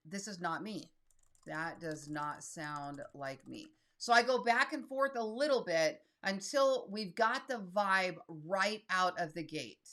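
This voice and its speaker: A woman in her fifties talks viewers through a tutorial in a casual, blunt voice. Her voice sits a little low, and she reads text aloud as she types it. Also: unhurried, fairly bright tone. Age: 50s. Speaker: solo creator and YouTube host. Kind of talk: casual screen-share tutorial.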